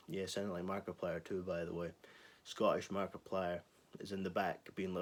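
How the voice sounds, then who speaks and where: A man's voice: low-pitched, little pitch movement, fairly quick. Sweary, sarcastic young man ranting. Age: 20s. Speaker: channel host. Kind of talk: casual ranting monologue to camera.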